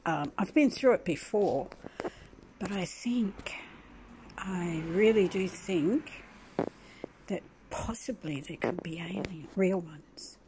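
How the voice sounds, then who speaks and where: Slow, low-voiced chatty woman. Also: animated, background noise. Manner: rambling, chatty, with frequent soft laughs. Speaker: vlogger. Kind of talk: casual home vlog, talking to her dog. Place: at home indoors.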